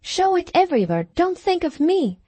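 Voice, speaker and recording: A woman narrator performs a frantic young heiress in hysterics, her voice high and shrill as she pleads and insists with desperate emphasis. The delivery is expressive, a little slow and a little mellow. The recording is close and dry, with no room sound whatsoever.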